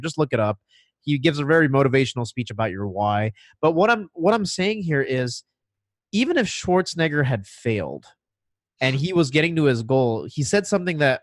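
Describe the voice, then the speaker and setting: A man on a podcast making his case with emphasis, his pitch rising and falling in a lively way. The recording is close and dry, with no room sound. He talks like someone building an argument. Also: no echo. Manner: argumentative, explains points emphatically. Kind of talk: casual chat.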